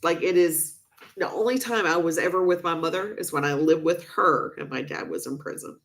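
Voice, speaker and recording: A woman's voice: on the low side, normal speed, creaky, a bit bright. Upset woman venting emphatically. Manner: emphatic, repeats herself for stress. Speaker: vlogger. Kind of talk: emotional venting to camera.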